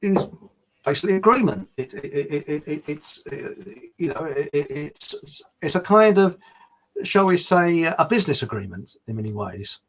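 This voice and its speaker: A man's voice: fairly high pitch, animated, normal speed, husky. A man hosting a live stream, chatting casually and rambling as he answers viewers, chuckling often.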